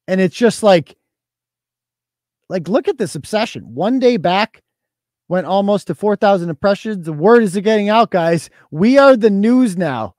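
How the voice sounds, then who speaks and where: A man's voice: high-pitched, a little mellow, dry recording, clean studio sound. A man hosting a live weekend show, telling stories in a boastful, profane, offhand way. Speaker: host. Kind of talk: casual live-show chat.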